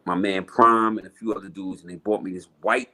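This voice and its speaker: A man's voice: deep voice, fairly even intonation, fairly quick, sharp tone, low-quality recording. A middle-aged man, a rapper guest telling stories in a casual interview, emphatic and profane with street slang.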